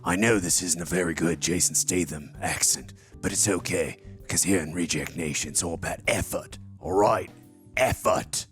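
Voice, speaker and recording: Man doing a very deep British tough-guy voice, hammy, drawn out, faint music behind. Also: fairly even intonation, a bit bright. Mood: mock-tough. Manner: hammy, self-mocking, slow and drawn out. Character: man faking a gruff British action-star accent. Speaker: co-host.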